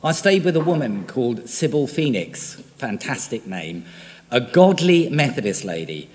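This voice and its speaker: A man's voice: mid-range voice, sing-song, moderate pace, a little mellow, in a large hall. An older male priest with an English accent, born in Australia, giving a conversational, self-deprecating homily with frequent fillers.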